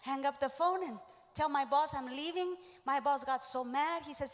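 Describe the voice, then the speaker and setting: Woman pastor, sermon, high-pitched, animated storytelling, teasing, echoing church hall. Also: moderate pace. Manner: animated storytelling, acting out quoted voices; teasing, talks directly to congregation.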